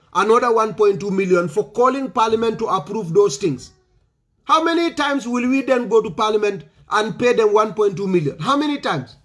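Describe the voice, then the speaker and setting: A man with a Gambian accent, giving an impassioned political speech and pressing home rhetorical questions. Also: high-pitched. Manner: forceful, repeats rhetorical questions. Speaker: political commentator.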